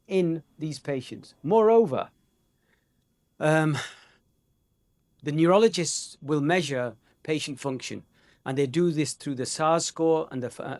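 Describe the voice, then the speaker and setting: A man's voice: a little high, darkish tone. A man giving a conversational, joking medical conference lecture, with many fillers. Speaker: conference speaker.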